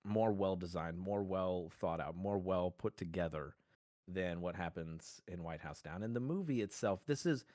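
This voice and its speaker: Playful low-voiced man arguing mock-formally. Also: moderate pace, mellow, no echo, studio quality. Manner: playful, rambling, mock-formal, laughs often. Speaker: podcast co-host. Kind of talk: casual mock-courtroom argument.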